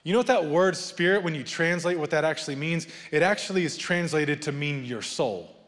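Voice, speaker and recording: A man preaching a sermon as pastor, swinging from loud, rising appeals to soft, low asides and joking with the congregation. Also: expressive, fairly quick. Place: church sanctuary. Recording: long reverb of a church hall.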